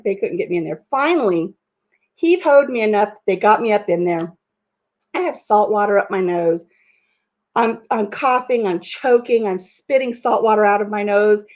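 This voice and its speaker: A woman vlogger telling a story in a casual chat, animated and self-mocking, laughing often and swearing freely. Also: mid-range voice.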